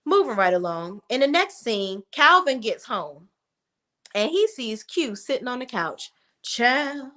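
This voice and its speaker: A woman's voice: on the high side, big pitch swings, measured pace, sharp tone. A young woman giving a blunt, casual recap of a TV episode, swearing freely as she comments. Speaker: TV recap reviewer.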